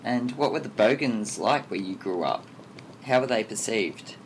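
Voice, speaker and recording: A man interviewing a guest on the radio, reading measured, formal questions. His voice sits a little low, with a faint hiss of noise behind it. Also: expressive.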